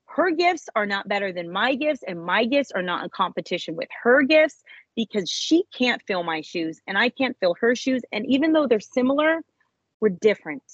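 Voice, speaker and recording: Woman guest, husky, emotional storyteller; slightly dull recording. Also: moderate pace, no echo. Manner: animated storyteller, voice jumps high when reenacting. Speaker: interview guest, author. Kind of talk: emotional personal testimony.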